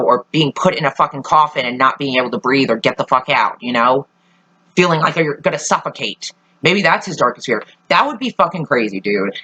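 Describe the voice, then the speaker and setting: A woman's voice: low-pitched, bright, forceful tone, rough recording. A woman vlogging casually, chatty and loose, swearing often and trailing off mid-thought. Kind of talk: casual chat.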